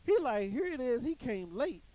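A man's voice: very high-pitched, big pitch swings, moderate pace, dark tone, low-quality recording. A man telling a story to an audience in an emphatic, preachy way, often repeating his phrases. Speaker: commentator on church life.

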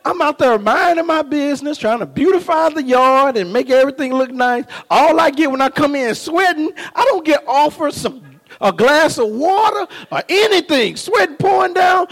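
A man preaching a sermon, animated and humorous, telling stories and often asking the congregation whether they follow him. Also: very high voice, normal speed. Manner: humorous storytelling with laughs. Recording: long reverb of a large hall.

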